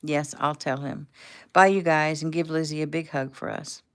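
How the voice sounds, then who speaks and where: Chatty polite woman friend, read by the author, hesitant, low gravelly voice. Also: fairly even intonation, normal speed. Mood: cheerful.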